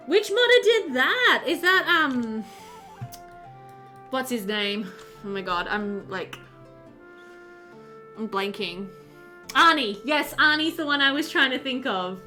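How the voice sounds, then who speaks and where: Bright, chatty woman streaming a game. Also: medium pitch. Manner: chatty and excitable, many fillers, reads and answers chat. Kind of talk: casual live-stream chat while playing.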